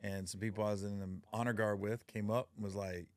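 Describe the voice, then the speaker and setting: A man hosting a podcast, telling personal stories in a casual, animated way and acting out the people in them. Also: fairly low pitch, quick pace, no room sound, studio quality. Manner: animated storyteller, acts out quoted voices, laughs often. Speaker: podcast host. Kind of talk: casual storytelling chat.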